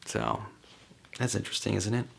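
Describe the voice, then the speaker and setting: A man with a low, gravelly voice chats on his own, working through a list of questions. He rambles easily, stopping for ums and small laughs as he thinks out loud. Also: flat delivery, normal speed, a little hiss or hum. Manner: rambling, chatty, with frequent ums and light laughs. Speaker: vlogger. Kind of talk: casual solo talk answering questions.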